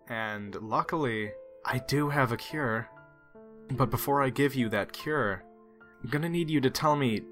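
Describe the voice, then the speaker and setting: A man voicing a calm, vain male mage who speaks low and soothingly to a child, with faint music behind.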